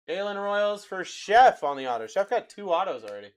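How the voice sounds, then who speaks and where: A man's voice: sits high, very animated, brisk, hardly any pauses, clean tone. A young man hosting a live card-break stream, chatting with viewers in a hyped way as he calls out player names to buyers. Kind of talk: livestream card-break calling.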